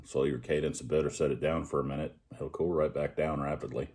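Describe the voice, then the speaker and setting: Man, extremely deep voice, mellow, relaxed rambling review talk. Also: quick pace. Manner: relaxed, rambling, with many fillers. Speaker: pipe reviewer. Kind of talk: casual video review.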